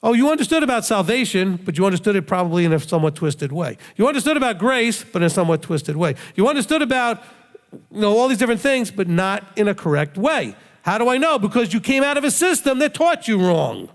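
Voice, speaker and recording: A man's voice: high-pitched, sing-song, fast talker. A male rabbi giving a conversational sermon, emphatic and full of rhetorical questions he answers himself. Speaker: rabbi teacher. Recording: long hall reverb.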